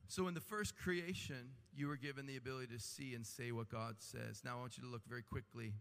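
Bright-voiced male preacher in a reverberant hall. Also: medium pitch, brisk, vocal fry. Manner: animated preaching with humorous asides. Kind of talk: sermon.

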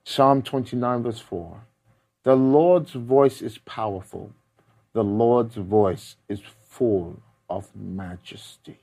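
A man preaching a sermon in an emphatic style. He counts off numbered points and quotes scripture, swinging between loud, forceful lines and quiet, hushed ones. His voice sits at an ordinary middle pitch for a man. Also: slow pace.

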